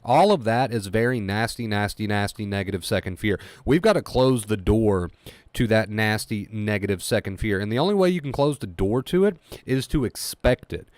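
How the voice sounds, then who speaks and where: A man's voice: on the low side, moderate pace, no room sound, clean studio sound. A man coaching people through anxiety recovery in a solo talk, speaking emphatically and repeating himself as he acts out anxious inner thoughts in quotes. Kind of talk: solo motivational talk to camera.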